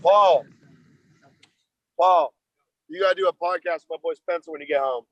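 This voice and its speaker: A laid-back American man who jokes and swears freely while chatting as a podcast guest. His voice sits a little high for a man. The sound is dry and close. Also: rapid-fire, no echo, muffled recording. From United States. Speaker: touring band member, podcast guest. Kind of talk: casual chat.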